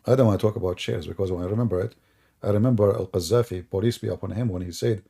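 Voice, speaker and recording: Gravelly, husky man mocking on stream. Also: on the low side, racing, warm tone. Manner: sarcastic, mocking, with loose non-native grammar. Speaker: livestream host taking callers. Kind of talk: mocking religious-debate livestream.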